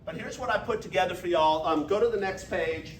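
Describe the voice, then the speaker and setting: A man in his fifties giving an energetic, folksy motivational talk to a business audience, leading them in call-and-response. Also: sits high, fairly quick, slight background noise. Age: 50s. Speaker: business speaker. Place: large echoey meeting room. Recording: echoey room recorded from far off.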